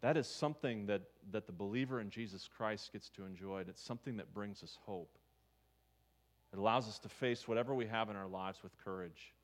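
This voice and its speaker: A man's voice: fairly low pitch, brisk. Conversational male pastor preaching a sermon. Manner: conversational, asks the congregation questions.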